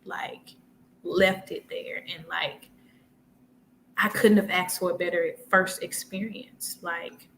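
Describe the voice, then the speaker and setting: A woman's voice: fairly low pitch, slow pace, a little hiss or hum, low-quality recording. A woman in her twenties on a talk show, telling stories animatedly, acting out what people said and laughing often. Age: 20s. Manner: animated storyteller, acts out quotes, laughs often. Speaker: guest. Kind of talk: casual chat.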